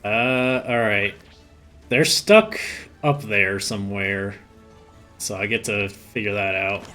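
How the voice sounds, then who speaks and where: Bright-voiced streamer, giggly and casual, playing through a game with light music under. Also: low voice, slow. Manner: giggly, laughing between remarks. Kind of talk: casual gameplay chat.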